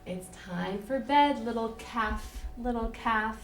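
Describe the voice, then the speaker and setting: A woman's voice: fairly high pitch, slow. A woman teacher leading rhymes and reading a picture book to young children in a patient, sing-song way, recorded in a classroom. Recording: echoey room, distant mic, noisy.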